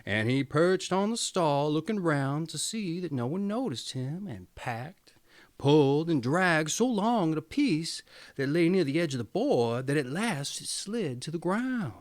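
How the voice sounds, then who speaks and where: Playful male storyteller reading folk tales in a casual, chatty way; pitch leaps all over. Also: big pitch swings, unhurried. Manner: playful, chuckles at his own slips. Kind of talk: casual fairy-tale read-aloud.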